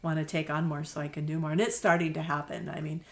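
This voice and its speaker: A woman's voice: low-pitched, level tone, fast. A middle-aged woman who owns a quilt shop, chatting enthusiastically in an interview and telling stories with many fillers. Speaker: quilt shop owner, guest. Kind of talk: casual interview conversation.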